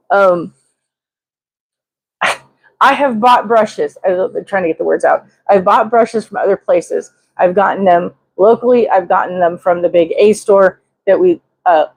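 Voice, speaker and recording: Excitable rambling older woman host. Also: mid-range voice, no echo, poor audio. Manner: rambling, excitable, many restarts. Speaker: livestream host. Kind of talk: casual live chat.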